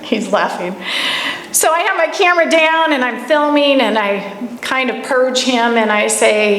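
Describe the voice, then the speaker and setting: Female speaker giving a live talk, fairly high voice, storytelling delivery with questions thrown to the room; echoey room. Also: animated, measured pace, fairly bright tone. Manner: storytelling, asks the audience pointed questions. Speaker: speaker at a camp gathering. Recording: echoey room with faint background noise.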